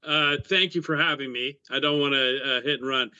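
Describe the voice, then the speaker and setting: A man guest, a sportscaster, signing off quickly and upbeat after hurried apologies, heard over a remote call. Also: a little high, bright, forceful tone, clear, resonant tone, no room sound, dull audio. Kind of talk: casual chat.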